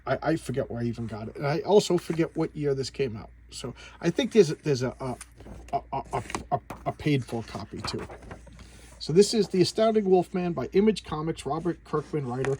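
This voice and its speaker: A man casually reviewing a comic book, rambling with many halting restarts and fillers, chuckling as he retells scenes. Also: a little high, animated, darkish tone, slight background noise.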